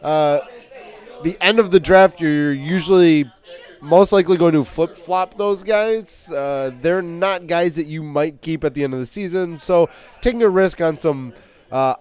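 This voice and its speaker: A man's voice: a little high, a little slow, clear, resonant tone. A man at a fantasy football draft casually explaining his picks, with many fillers. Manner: relaxed, filler-heavy reasoning. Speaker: fantasy league participant.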